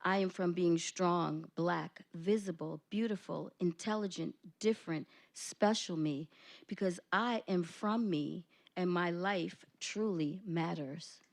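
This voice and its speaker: A woman's voice: on the low side, takes it slowly, gravelly. Woman reciting an emphatic rhythmic poem. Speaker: teacher presenting student poets. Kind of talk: poetry reading and meeting remarks. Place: school board meeting room.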